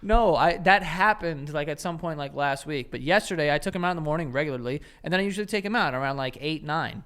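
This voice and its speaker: A man's voice: fairly high pitch, fast talker, a bit bright, clean tone. A man co-hosting a podcast in casual chat, with laid-back, wry, teasing banter. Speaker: podcast co-host.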